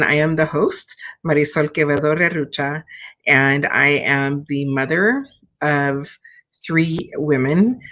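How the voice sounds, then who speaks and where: A middle-aged woman hosting a livestreamed check-in show, speaking earnestly and unhurriedly and guiding listeners through a slow counted breathing exercise. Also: deep voice, a bit bright. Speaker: host.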